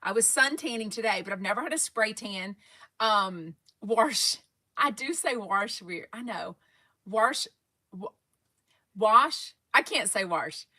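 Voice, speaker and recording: She's a fan podcast host from Texas, speaking at normal speed in an expressive, mid-range voice that sounds pushed and bright, with a Texan accent. Her casual livestream is chatty and rambling, and she reads live comments aloud.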